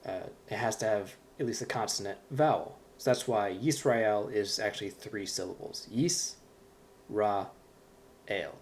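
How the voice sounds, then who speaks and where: A man's voice: lowish voice, moderate pace, few pauses, darkish tone, a little hiss or hum. A man teaching a Hebrew reading lesson, patiently explaining step by step with frequent fillers.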